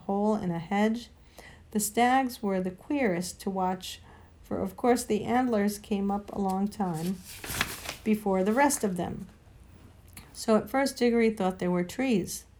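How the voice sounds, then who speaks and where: A woman reading a children's storybook aloud, with an expressive, lively delivery. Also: mid-range voice.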